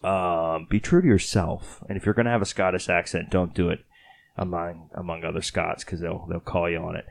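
A man's voice: deep voice, steady tone, brisk, vocal fry, a little hiss or hum. A man from Texas hosting a podcast in casual chat, rambling and joking at his own expense, tired after a late night. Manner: rambling, joking, self-mocking. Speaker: podcast host.

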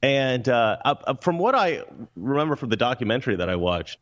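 A man's voice: mid-range voice, sing-song, a little fast, fairly bright tone, highs cut off. A man co-hosting a movie chat show, talking casually with frequent laughs and stumbling restarts. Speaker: co-host, film commentator.

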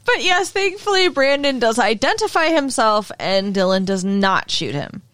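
A fairly high-pitched woman with a lively, bouncing delivery, recorded dry and close. She chats casually and wryly, swearing now and then. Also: moderate pace, no room sound. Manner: wry and sarcastic, swears casually. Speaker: podcast co-host. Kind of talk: casual chat recapping a TV show.

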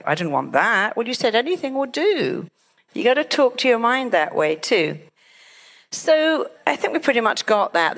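A middle-aged woman giving a motivational talk, lively and acting out panicked inner voices as she explains. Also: medium pitch. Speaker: hypnotherapist and speaker.

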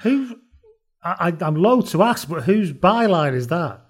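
A man's voice: sits high, big pitch swings, unhurried. A British man co-hosting a casual chat, telling sporting anecdotes with swearing and plenty of laughter. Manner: storytelling, swearing, laughing often. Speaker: podcast co-host.

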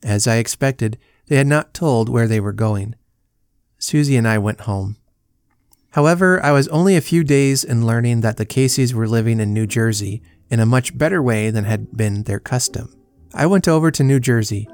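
Brief: male host reading a vintage tale, even and dry, middle pitch. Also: dry recording. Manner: measured, dry storybook reading. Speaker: podcast host reading a story. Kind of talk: storytelling narration.

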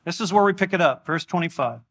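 Male preacher, sermon, exclamatory, bright voice, fairly high pitch. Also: quick pace. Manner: animated, exclamatory, conversational. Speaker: pastor. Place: church.

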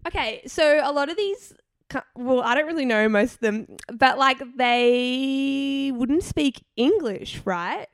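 A woman's voice: high voice, expressive, unhurried, gravelly, clear, resonant tone, dry recording, clean studio sound. A young Australian woman co-hosting a podcast, chatting playfully and filling her talk with "like". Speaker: podcast co-host. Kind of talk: casual chat.

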